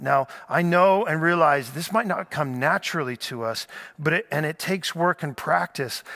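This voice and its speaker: Bright, high-voiced man preaching. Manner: repetitive, exhortative preaching with rising emphasis. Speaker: pastor. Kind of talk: sermon. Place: church gathering, also streamed.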